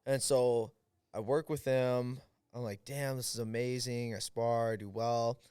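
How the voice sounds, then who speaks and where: A man with an American accent tells a story on a podcast, his voice smooth and resonant and the room around him dry. He talks casually with lots of fillers and acts out the people he quotes. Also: mid-range voice, little pitch movement, a little slow, darkish tone, no room sound. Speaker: podcast guest, fighter.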